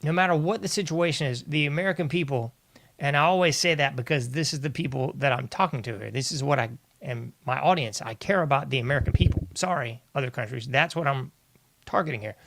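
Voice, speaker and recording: A man's voice: mid-range voice, a little fast, creaky, fairly bright tone, dry recording. A male host giving an exasperated, ranting political commentary monologue, often addressing his listeners as "folks".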